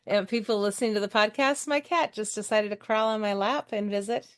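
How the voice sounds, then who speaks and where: A woman's voice: mid-range voice, fairly even intonation, a little fast, dry recording, studio quality. A woman hosting a podcast interview in casual chat, with short encouraging responses. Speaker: podcast host.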